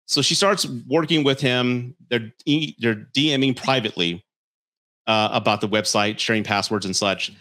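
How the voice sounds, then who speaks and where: A man's voice: medium pitch, normal speed, bright, forceful tone. A man talking in a casual commentary vlog, heated and blunt, swearing freely and stammering through restarts. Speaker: commentary creator.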